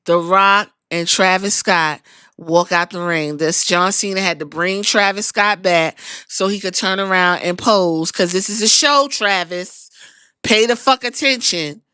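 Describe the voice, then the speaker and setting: A woman hosting a podcast, retelling a wrestling show in an animated, profane, casual way. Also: medium pitch, unhurried, clear, resonant tone, dry recording, clean studio sound. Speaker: podcast host.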